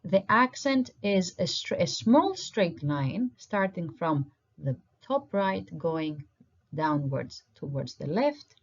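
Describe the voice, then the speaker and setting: Woman, language teacher, patient step-by-step explaining, animated intonation, muffled recording. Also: medium pitch. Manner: patient, explaining step by step while pointing at slides. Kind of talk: recorded online lesson. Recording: dull lo-fi recording.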